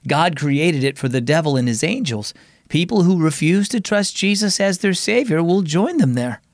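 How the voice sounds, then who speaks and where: A man voicing a gentle mother who calmly explains things in a children's story. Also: fairly high pitch, normal speed, no room sound, clean studio sound. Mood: reassuring. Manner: calm, explaining.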